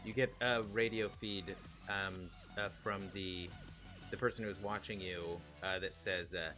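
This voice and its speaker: A man's voice: deep voice, fairly even intonation, unhurried, pushed and bright, soft background music. A man narrating as game master, with many fillers and restarts.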